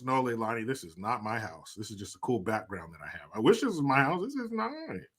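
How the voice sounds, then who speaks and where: A man's voice: medium pitch, fairly bright tone. Jokey, profane man in his forties. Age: 40s. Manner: jokey, profane, laughs often. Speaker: live stream host. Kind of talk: casual live stream chat, reading viewer comments.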